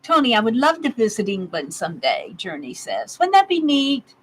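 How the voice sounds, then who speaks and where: A woman's voice: fairly high pitch, wildly swooping pitch, normal speed, a little hiss or hum, low-quality recording. A woman in her sixties hosting a casual craft livestream from her home craft room, chatting with viewers and giggling often. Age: 60s. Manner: chatty, giggly, reads out comments. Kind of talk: casual chat with live viewers.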